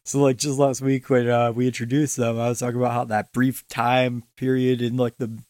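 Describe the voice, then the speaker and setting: A man's voice: medium pitch, little pitch movement, a little fast, darkish tone, no echo. A man co-hosting a podcast, chatting casually and enthusiastically about a TV episode, swearing freely and laughing often. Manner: laid-back, profane, enthusiastic, often laughing. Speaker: podcast co-host. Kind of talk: casual chat recapping a TV episode.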